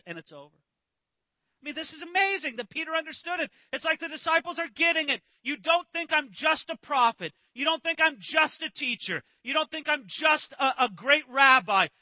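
Animated high-voiced preacher. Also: male voice, dry recording. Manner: animated, acts out disciples' voices, restarts. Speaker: pastor. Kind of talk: sermon.

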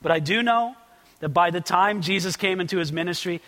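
High, lively male preacher, bright tone, acts out quotes, swings loud to hushed, echoing hall. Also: brisk. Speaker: pastor. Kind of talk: expository sermon.

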